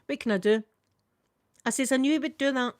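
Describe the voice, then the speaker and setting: Retelling a conversation in a lively storytelling chat, this older Scottish vlogger keeps using "I says." She speaks a little fast at a middle pitch, and the close, dry recording has no echo.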